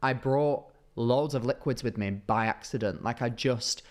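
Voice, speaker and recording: A young British man co-hosting a podcast, chatting casually and ranting in a lively, swear-heavy way. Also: medium pitch, normal speed. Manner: animated, ranting, swears freely. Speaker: podcast co-host. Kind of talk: casual chat.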